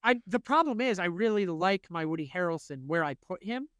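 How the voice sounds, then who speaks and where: High-voiced, animated podcast co-host. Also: male voice, a little fast, no room sound, clean studio sound. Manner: animated, laughing, swings in pitch. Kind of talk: casual chat.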